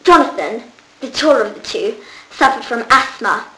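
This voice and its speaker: Woman reading a kids book out loud, lively, high voice, roomy echo. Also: normal speed. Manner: lively, raises voice for characters' lines. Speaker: reader. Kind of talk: reading a children's book aloud.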